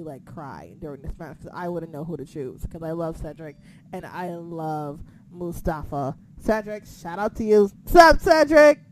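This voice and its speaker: A young woman co-hosting a casual wrestling chat, excitable and profane, laughing often. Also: on the low side, a little hiss or hum, rough recording.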